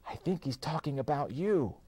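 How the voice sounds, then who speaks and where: A man voicing a worried but brave young boy in a storybook, with a high, strained boyish voice. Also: very slow, darkish tone, clear, resonant tone, no room sound.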